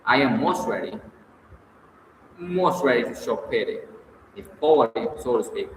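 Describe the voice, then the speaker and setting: A man voicing a pompous, self-righteous middle-aged gentleman who lectures in a stilted way, in a story reading. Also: medium pitch, expressive, moderate pace, a little hiss or hum, natural voice. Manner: stilted, lecturing, turns flustered. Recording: echoey distant room, long reverb.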